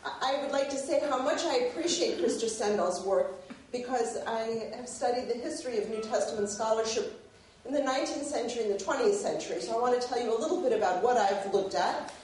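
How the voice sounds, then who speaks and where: A woman giving an academic lecture, animated and given to laughing. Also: a little high, a little fast, a little hiss or hum. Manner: animated, laughs while reading a favorite passage. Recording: echoey hall, mic at a distance.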